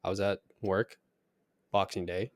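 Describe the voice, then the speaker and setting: Man, twenties, lowish voice, laid-back banter, teasing. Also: level tone, measured pace, dry recording, clean studio sound. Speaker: podcast co-host. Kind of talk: casual chat.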